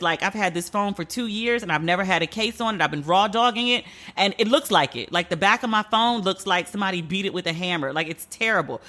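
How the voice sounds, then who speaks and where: A woman hosting a solo podcast, talking bluntly and profanely as she tells stories and vents. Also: mid-range voice. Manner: blunt, profane, animated storytelling. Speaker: podcast host.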